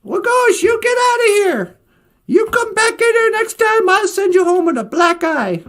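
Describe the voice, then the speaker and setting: A woman voicing a fierce hen who scolds and threatens loudly. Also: very high voice, lively intonation, moderate pace, pitched above the performer's own voice. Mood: scolding, fierce.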